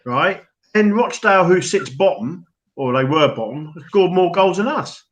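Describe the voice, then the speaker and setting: High-voiced pessimistic man. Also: lively intonation, normal speed. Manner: pessimistic, questioning. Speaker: fan show co-host. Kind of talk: casual football watch-along chat.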